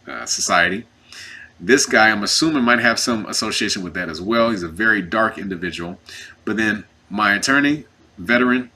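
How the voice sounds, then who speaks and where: A man who is representing himself in a custody case tells his story in a casual, animated and indignant way, acting out what others said. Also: on the low side, husky. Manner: emphatic, indignant.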